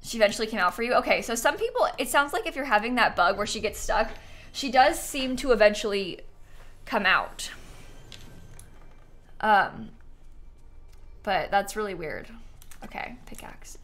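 A woman's voice: mid-range voice, sing-song, moderate pace, pauses often, a bit bright. A young woman streaming a video game live, chatting casually and reading quest text aloud. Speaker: gaming streamer.

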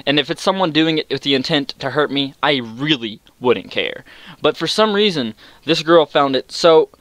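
A young man telling a story in an exasperated, sarcastic rant, swearing freely and breaking into sudden high outbursts. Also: lively intonation, moderate pace, a bit bright, no room sound. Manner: jumps to high-pitched outbursts. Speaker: vlogger. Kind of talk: ranting storytime.

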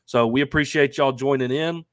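This co-host, a man speaking from home in Arkansas, chats on a casual sports talk stream through a remote stream microphone. Allergies make him sound stuffy and nasal, but he stays upbeat and talkative, full of fillers. His mid-range voice moves at normal speed, and the sound is dry and studio-clean.

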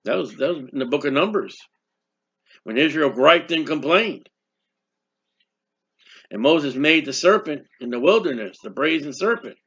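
A man preaching a sermon, reading scripture slowly with emphasis and then explaining in casual asides. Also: fairly high pitch, lively intonation, a bit bright, husky. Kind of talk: sermon, Bible teaching. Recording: dull lo-fi recording.

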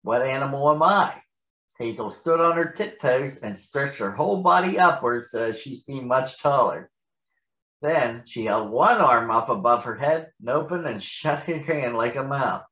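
A man reading a picture book aloud to children in a large arena, slow and deliberate, with lively voices. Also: mid-range voice. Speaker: storybook reader. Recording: muffled, in a large echoey space.

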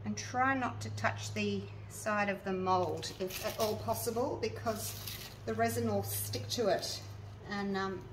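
A woman's voice: medium pitch, steady tone, unhurried, few pauses, distant mic. A woman chats her way through a hands-on craft demo, talking straight to her viewers as she works. She sits a little back from the mic, and a faint hiss runs underneath. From Australia. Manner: chatty, narrates each step aloud as she works, talks to viewers directly. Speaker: resin artist showing her craft. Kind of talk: casual hands-on craft tutorial. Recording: mic a little away, faint background noise.

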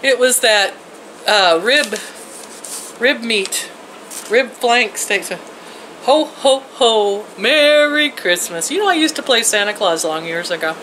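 A woman's voice: medium pitch, expressive, a little slow, long pauses, pushed and bright, a little hiss or hum, poor audio. Chatty folksy older woman. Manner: chatty, folksy, laughs often, talks to her pets. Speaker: vlogger. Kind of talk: casual chat to viewers. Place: home, indoors and out in her yard.

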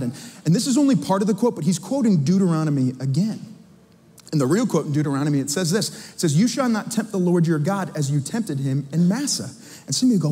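A man preaching a sermon in an animated, conversational way to his congregation in a church. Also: fairly high pitch, fast, husky, big-room sound. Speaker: pastor. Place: church sanctuary.

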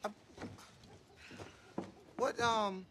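An actor playing a flustered, worn-out young husband who talks slowly and drifts into baby talk. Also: male voice, sits high, fairly even intonation, noisy background. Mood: bewildered. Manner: slow, bewildered, baby talk to an infant.

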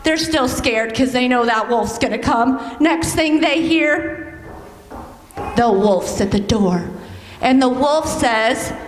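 A woman with a high, bright voice tells a story to a group of children at church, coaxing them to join in on cue. She speaks slowly and sounds echoey, from a distance in a large hall with long reverb. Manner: animated, coaxing, leads children in call-and-response. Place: church sanctuary.

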